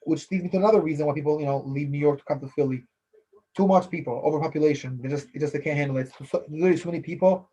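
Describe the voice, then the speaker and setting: A man's voice: a little high, very fast, dark tone, breathy edge. A man hosting a casual solo podcast, rambling loosely, repeating phrases and filling with "you know". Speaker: podcast host. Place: based in Philadelphia.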